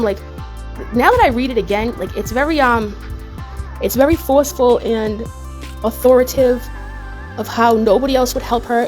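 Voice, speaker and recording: A woman hosting a casual livestream commentary, talking bluntly and animatedly, swearing and laughing often. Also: fairly high pitch. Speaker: YouTube commentary host.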